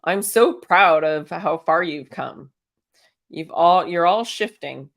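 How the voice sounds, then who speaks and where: Lady hosting a chill self-help chat, kinda low voice, keeps asking the audience questions, laughs a lot. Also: lively intonation, takes it slowly, vocal fry. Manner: encouraging, fires off strings of rhetorical questions; chatty, laughs often. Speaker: host. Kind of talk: casual spiritual self-help talk.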